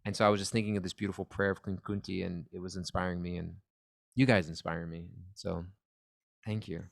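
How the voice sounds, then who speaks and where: Man, podcast co-host, reflective, informal, lowish pitch, dry. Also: little pitch movement, fairly quick, gravelly, dry recording. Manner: reflective, searching for words, informal. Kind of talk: casual spiritual discussion.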